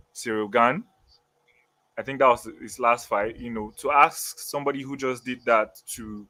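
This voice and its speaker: Male co-host, steady and reasoned, dry close mic. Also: mid-range voice, no room sound. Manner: measured, reasoning aloud with hedges. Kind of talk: casual live-stream chat.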